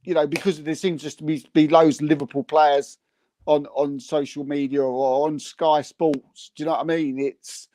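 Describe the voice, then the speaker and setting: A man's voice: fairly high pitch, level tone, normal speed, warm tone, no echo. A man, a podcast co-host in casual football chat, talking in a rambling, heated, mocking way and repeating words.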